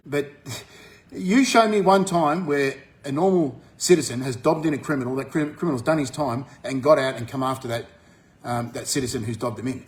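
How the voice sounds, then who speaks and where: An Australian man talking bluntly to his viewers, swearing often and jumping up in pitch when he gets fired up. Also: brisk. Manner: forceful, swears freely, rises sharply when fired up. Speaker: vlogger. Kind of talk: blunt monologue to camera.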